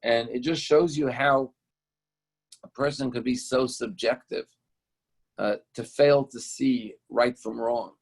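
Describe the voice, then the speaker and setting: A man's voice: medium pitch, steady tone, takes it slowly, low-quality recording. A male rabbi teaching a Torah lesson, retelling a story in an explanatory, storytelling way.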